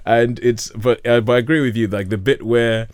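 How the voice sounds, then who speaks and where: A man's voice: medium pitch, steady tone, normal speed, a little mellow, smooth, no room sound, studio quality. A man chatting casually about films as a host, enthusiastic and rambling, with frequent restarts. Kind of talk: casual film chat.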